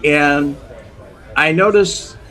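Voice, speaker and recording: An older man telling a story as an interview guest, animated, chuckling often and acting out voices. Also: on the high side, extremely slow. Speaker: guest, former undercover informant.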